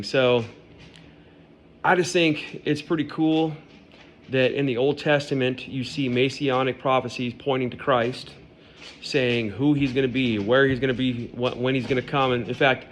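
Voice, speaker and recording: A man's voice: mid-range voice, measured pace, a little hiss or hum. A man hosting a podcast from home, talking conversationally and speaking straight to his listeners. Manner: conversational, addresses listeners directly. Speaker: podcast host. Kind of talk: casual podcast monologue on faith.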